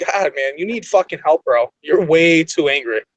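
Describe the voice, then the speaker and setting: A man in a live voice chat, mockingly telling another to calm down. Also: on the high side, moderate pace, low-quality recording. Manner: mocking, tells others to relax. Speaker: chat room member.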